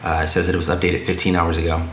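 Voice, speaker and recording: A man with a low voice hosts a podcast, reading news articles aloud and offering casual, conversational commentary. He talks very fast in a completely flat delivery, and the echoey room carries faint noise.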